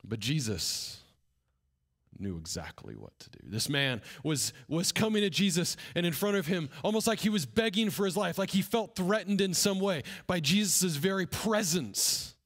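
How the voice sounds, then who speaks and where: A pastor, a man with a slightly raised pitch, retells a scene as if he lived it. He tells it with drama and drops to a hushed whisper at the tense moments. This is a storytelling sermon delivered from the pulpit. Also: very animated, moderate pace.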